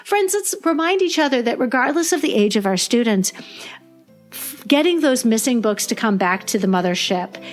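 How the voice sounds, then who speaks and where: A woman school librarian talking on a podcast, telling stories with lively energy, acting out parents' complaints, and often restarting her sentences. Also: fairly high pitch, moderate pace, soft background music. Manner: animated storyteller, acts out parents' complaints; frequent restarts and repeated words. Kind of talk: podcast conversation.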